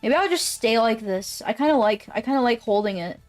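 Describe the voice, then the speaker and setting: In an animated, fairly quick, slightly mellow voice on the high side, a woman live streamer rambles through casual chat with her viewers, swearing often and laughing easily. Faint music can be heard in the background.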